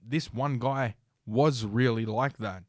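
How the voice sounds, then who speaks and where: A man's voice: mid-range voice, slow pace, darkish tone, no room sound, clean studio sound. A man with an Australian accent, hosting a livestream and telling a rambling, profane story full of fillers and restarts. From South Australia, Australia. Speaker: podcast host.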